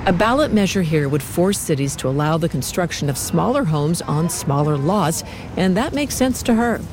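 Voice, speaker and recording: A female reporter narrating a news feature with a measured, even delivery. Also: on the low side, noisy background.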